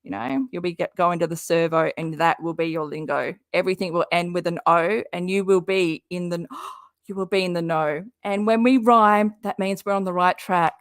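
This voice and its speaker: A woman's voice: on the low side, normal speed, no echo, studio quality. An Australian woman hosting a casual livestream, chatting with her viewers, laughing often and dropping local slang. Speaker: livestream host.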